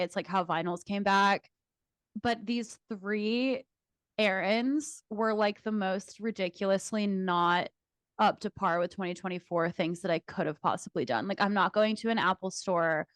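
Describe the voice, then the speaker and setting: A woman's voice: mid-range voice, clear, resonant tone, dry recording, clean studio sound. A young woman co-hosting a podcast, telling stories in casual chat, laughing often and swearing. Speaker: podcast co-host.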